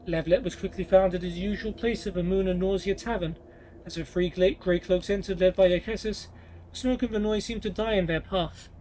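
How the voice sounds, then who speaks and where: A man reading a long in-game story aloud in a steady storytelling manner, with small stumbles. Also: high-pitched, fairly quick, slight background noise, rough recording.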